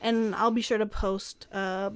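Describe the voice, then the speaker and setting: A woman co-hosting a podcast in casual chat, talking in a rambling way with many fillers and quick to laugh. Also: medium pitch, level tone, smooth. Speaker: podcast co-host.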